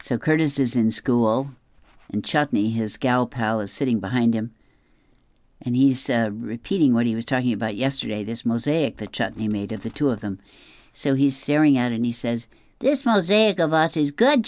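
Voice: medium pitch, moderate pace, a little mellow, no room sound. A reader describing comic strips aloud, with chatty asides and chuckles.

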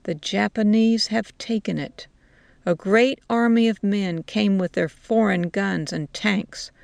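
Woman doing hostile male soldiers, shouting, blunt, gravelly, dry close sound. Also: mid-range voice, takes it slowly, no echo. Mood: grim.

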